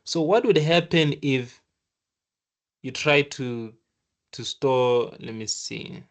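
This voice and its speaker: A programming tutor shares his screen and teaches in a casual, animated way, often restarting sentences as he thinks aloud. In his mid-range voice, he acts out the computer scolding him in quick asides.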